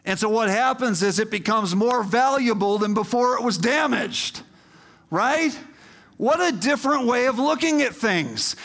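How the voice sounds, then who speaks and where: A middle-aged male pastor delivers a sermon in a high, light voice. He talks to the congregation like a friend, with asides and questions, and builds up to emphatic, rousing appeals. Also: animated, measured pace, a bit bright.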